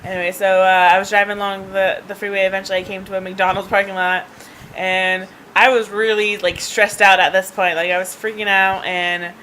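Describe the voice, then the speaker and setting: A woman's voice: medium pitch, little pitch movement, fairly quick, pushed and bright, slight background noise, poor audio. A woman vlogger telling a personal story in a rambling, chatty way, laughing often and filling gaps with ums and restarts, recorded on a handheld device. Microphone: handheld device camera.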